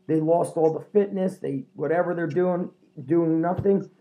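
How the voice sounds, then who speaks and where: A man hosting a podcast, telling a story in an animated way, laughing and swearing often. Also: a little high, normal speed, dull audio. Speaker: podcast host. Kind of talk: casual chat.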